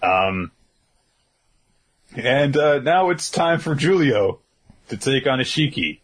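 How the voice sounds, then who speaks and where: A man's voice: medium pitch, big pitch swings, slow pace. A man co-hosting a podcast, talking in a laid-back, rambling way with lots of fillers and chuckles. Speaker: podcast co-host. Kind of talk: casual podcast recap chat.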